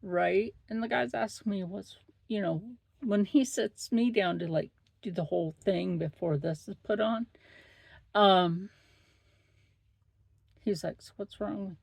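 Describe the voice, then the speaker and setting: A middle-aged woman talks slowly in a chatty, blunt vlog. Her voice is gravelly with fry, and the sound is close and dry. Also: mid-range voice, darkish tone, dry recording. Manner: chatty, blunt, swears freely. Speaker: vlog host. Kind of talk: casual chat.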